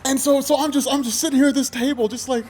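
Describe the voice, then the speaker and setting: A man in his twenties telling a story on his own channel in a loose, animated way, laughing often and swearing freely. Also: very high-pitched, fast, soft background music. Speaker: vlogger. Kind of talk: casual storytelling.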